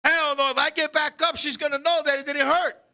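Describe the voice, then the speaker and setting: High, bright-voiced man telling a wild story. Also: brisk. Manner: animated, profane, acts out scenes with shouts. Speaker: podcast co-host. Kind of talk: comic storytelling.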